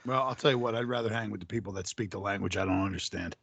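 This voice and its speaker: A man's voice: on the low side, rapid-fire, vocal fry, fairly bright tone, husky, no echo. A man co-hosting a casual podcast, speaking bluntly and swearing freely. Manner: blunt and profane. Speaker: podcast co-host.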